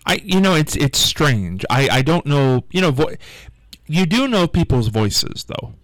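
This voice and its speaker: Man, radio host, casual rambling chat, lively pitch, dry close sound. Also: unhurried, dry recording, rough recording. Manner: rambling, restarts, searching for words.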